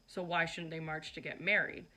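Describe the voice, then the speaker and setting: A woman's voice: low-pitched, level tone, normal speed, bright, forceful tone. Chatty young woman vlogging. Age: young adult. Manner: chatty, filler-heavy, teasing. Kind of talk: casual vlog narration.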